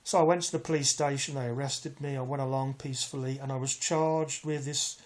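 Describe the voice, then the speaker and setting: A man's voice: mid-range voice, steady tone, fairly quick. A man, telling an aggrieved personal story in a rambling way, full of restarts and asides. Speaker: vlogger. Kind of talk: casual storytelling to camera.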